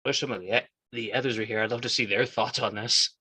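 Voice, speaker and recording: Bright-voiced voice actor chatting. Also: male voice, lowish voice, fairly even intonation, quick pace, slightly rough, no room sound. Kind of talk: casual group chat.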